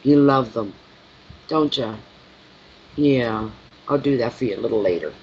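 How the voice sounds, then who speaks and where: A man's voice: mid-range voice, a little fast, a little mellow. A man who reads tarot, chatting casually on a live stream, rambling and talking fondly to his cat. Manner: rambling, fond baby talk to his cat. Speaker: tarot reader. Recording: dull lo-fi sound with faint noise.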